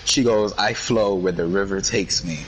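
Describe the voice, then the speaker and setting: Laid-back low-voiced man telling stories. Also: moderate pace, slight background noise, low-quality recording. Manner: laid-back and slangy, recounts conversations line by line. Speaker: podcast co-host. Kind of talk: casual chat, storytelling.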